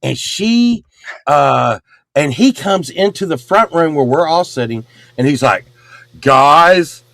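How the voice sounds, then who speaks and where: A middle-aged man with a drawl tells a rowdy story, his pitch leaping all over. He sits a little high for a man and swears freely, loudly acting out everyone he quotes. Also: lively intonation, a little slow, gravelly, no room sound. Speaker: podcast host. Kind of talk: casual storytelling chat.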